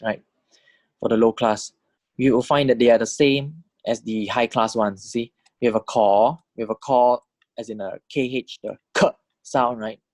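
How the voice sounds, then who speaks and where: A man with a medium-pitched, slightly mellow voice teaches a recorded language lecture, working through a table step by step and frequently asking "right?" to check understanding. The recording is dry.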